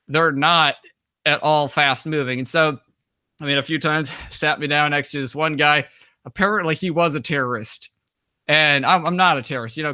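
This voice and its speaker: A man's voice: fairly high pitch, sharp tone, no echo, clean studio sound. A young American man with an American accent, telling a long story as an interview guest, rambling with many fillers and acting out the dialogue. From United States. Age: young adult. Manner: acts out quoted dialogue in conversation. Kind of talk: casual storytelling.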